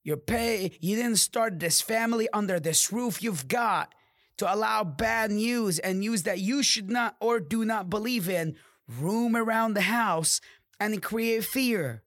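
A man hosting a podcast, delivering a profane, fired-up motivational monologue that drops into low growls. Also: measured pace, a bit bright, no echo, clean studio sound. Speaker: podcast host.

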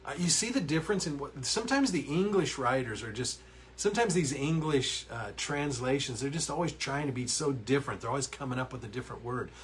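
Man, online Bible study teacher, earnest and animated, middle pitch, faint room noise. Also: fairly quick. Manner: earnest, animated, reads verses aloud and reacts to typed comments. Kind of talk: online Bible lesson to chat viewers. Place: counseling office.

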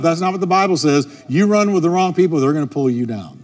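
A man's voice: fairly high pitch, lively intonation, fast talker, few pauses. Emphatic male pastor preaching in a hall. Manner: emphatic preaching, repeats key phrases. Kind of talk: sermon. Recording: long reverb with soft music.

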